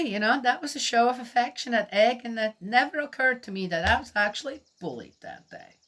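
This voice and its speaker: Bright, chatty woman telling stories. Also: on the high side, animated, normal speed, few pauses. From Switzerland. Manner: chatty, laughing, asks listeners questions. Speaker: Bible teacher. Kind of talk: storytelling sermon.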